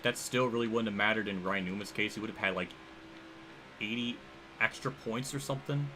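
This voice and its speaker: A young man livestreaming a racing game, rambling and thinking aloud as he reacts loudly to the action on track. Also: fairly low pitch, a little fast, background noise. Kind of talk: live gameplay commentary.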